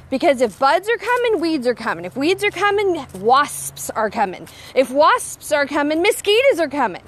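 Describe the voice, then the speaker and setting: A woman in her thirties with a bright, high voice talks chattily in an outdoor garden. Her tone is a bossy, joking pep talk, as if she is pushing her viewers to get to work. She is recorded outdoors on a handheld camera. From Texas. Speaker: homesteading vlogger. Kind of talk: casual gardening vlog.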